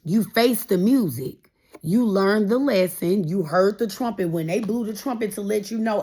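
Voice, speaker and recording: Speaking at a moderate pace in a lowish, somewhat mellow voice, this woman reads tarot casually for her audience. She repeats phrases to stress them, offers encouragement, and is becoming emotional.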